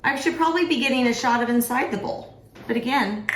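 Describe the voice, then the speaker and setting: A middle-aged woman with a fairly high voice chats casually to the camera while she cooks, making light fun of herself. She sounds echoey, as if in a bare home kitchen, with a faint ambient hum behind her. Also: brisk. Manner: chatty and self-deprecating, talking to the camera while cooking. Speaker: author and home cook. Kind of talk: casual cooking vlog.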